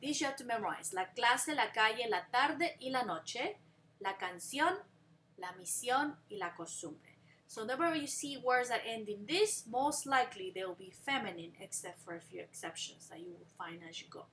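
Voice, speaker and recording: A woman teaching a recorded language lesson, patiently drilling memory rhymes, asking quick check-in questions, and slowing right down on the example words. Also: a little high, lively intonation, fairly bright tone, a little hiss or hum. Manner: slows down sharply on example words. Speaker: Spanish teacher.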